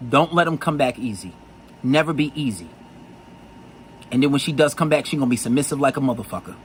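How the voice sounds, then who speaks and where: A man's voice: mid-range voice, brisk, long pauses, a little hiss or hum, low-quality recording. A man giving blunt dating advice in a profane, insistent monologue full of repetition.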